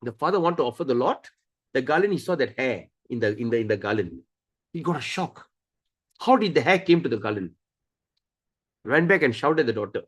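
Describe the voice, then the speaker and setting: A man's voice: mid-range voice, fast talker, slightly rough. A man giving a scripture study lecture, repeating key words and often restarting sentences as he explains. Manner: animated, acts out stories with voices. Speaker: scripture teacher.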